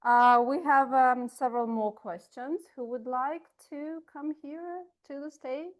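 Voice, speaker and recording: A woman's voice: sits high, steady tone, a little slow, few pauses, poor audio. A woman with a Russian accent hosting impromptu questions at a speaking club, upbeat with many fillers and laughs. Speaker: table topics master at a speaking club meeting. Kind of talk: live club meeting hosting.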